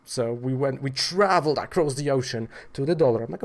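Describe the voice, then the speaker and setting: A Polish man who sells trading cards tells a story in a casual vlog. His medium-pitched voice is brisk, and he rambles with lots of fillers in a wry, exasperated way.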